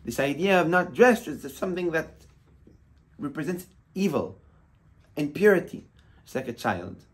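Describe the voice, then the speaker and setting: A man's voice: a little high, lively intonation, measured pace, long pauses, husky. A man giving a sermon as a rabbi, impassioned and emphatic, weaving Hebrew terms into his teaching.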